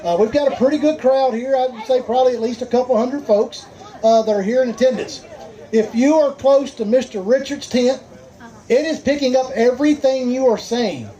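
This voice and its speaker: A man with a Southern US accent calls out weights at a live outdoor fishing weigh-in, his voice pitched very high yet mellow in tone. He keeps up folksy, joking banter with anglers and the crowd, upbeat and easygoing. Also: moderate pace, rough recording. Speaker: tournament weigh-in emcee.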